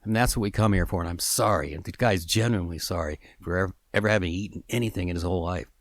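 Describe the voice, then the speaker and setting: A man telling an improvised story in a halting, earnest way with many restarts. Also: deep voice, no room sound, studio quality.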